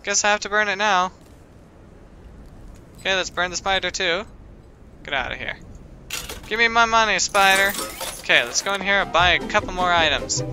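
A man playing a video game and commenting casually. He talks to the game, flipping between shouting at it and muttering to himself. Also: sits high, expressive, normal speed, pauses often. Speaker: let's play gamer. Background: game music.

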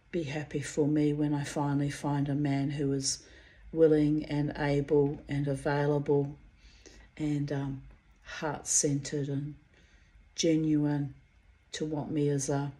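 A woman's voice: deep voice, warm tone. A middle-aged woman giving a casual personal oracle reading, rambling and heartfelt, calling her listeners darlings and babies. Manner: rambling and heartfelt, repeats words. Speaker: oracle card reader.

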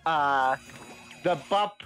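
A man's voice: fairly high pitch, extremely slow, fairly bright tone. A man chatting with friends over an online party game, earnest and a bit stammering. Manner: earnest, stammers, reacts with laughter. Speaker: friend on voice chat. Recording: faint music behind.

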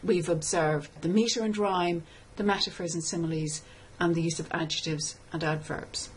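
A woman lecturer giving a scripted tutorial, explaining step by step in a measured way and reading lines of verse slowly. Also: lowish voice, fairly even intonation, slight background noise, poor audio. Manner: measured, explanatory, reads poem aloud slowly. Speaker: literature lecturer.

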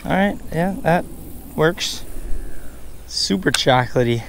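A man casually talking through a fishing vlog outdoors at a pond, bursting into excited exclamations. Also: a little high, slow, gravelly, background noise. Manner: excitable, bursts into loud exclamations over catches. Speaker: fishing vlogger.

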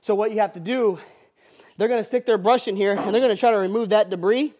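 A man from the American Midwest demonstrating duct cleaning gear, loud, jokey and excitable. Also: high-pitched, fast. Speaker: air duct cleaning expert. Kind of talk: hands-on product demo.

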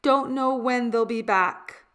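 A woman's voice: slow pace, clear, resonant tone. A woman reading as a firm, protective father. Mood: defiant. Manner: low, even, defiant.

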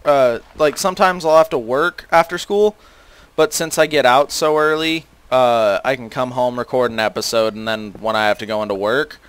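A man's voice: medium pitch, normal speed, a bit bright, smooth. A teenage boy casually commentating a video game, rambling with many fillers and self-deprecating asides. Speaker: gaming channel host.

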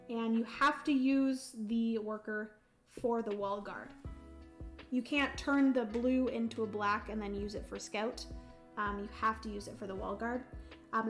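A young woman on a livestream talks casually while playing a solo board game, giggling often and stopping with ums to explain the rules. Her voice sits somewhat high. Soft music runs faintly behind her. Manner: chatty and giggly, reads chat aloud, explains rules with many ums. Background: faint background music.

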